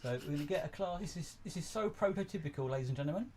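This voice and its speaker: A man hosting a casual live stream from his model railway, chatty, jokey and excitable. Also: on the high side, very fast, noisy background. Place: indoors at a model railway layout.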